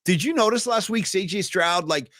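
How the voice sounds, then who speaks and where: A man's voice: high-pitched, moderate pace, fairly bright tone, no room sound, clean studio sound. A man co-hosting a sports podcast, talking casually and candidly, rambling through his worries about the game. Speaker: podcast co-host.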